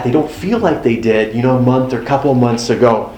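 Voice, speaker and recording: A man's voice: medium pitch, a little fast, a little mellow, roomy sound, low-quality recording. A man preaching a sermon in a conversational way, with folksy asides and acted-out exchanges. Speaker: pastor.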